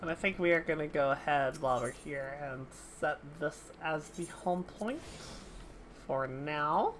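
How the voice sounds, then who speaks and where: A woman's voice: deep voice, animated, unhurried, a little hiss or hum. A young woman streamer chatting playfully and rambling to her viewers during a live game stream. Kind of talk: casual live-stream chat.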